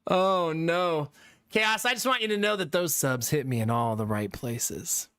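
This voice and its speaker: Giggly high-voiced male streamer. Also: unhurried, sharp tone, smooth. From Ohio, USA. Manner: joking, laughs often, teasing viewers. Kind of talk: casual live-stream chat. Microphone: studio condenser mic.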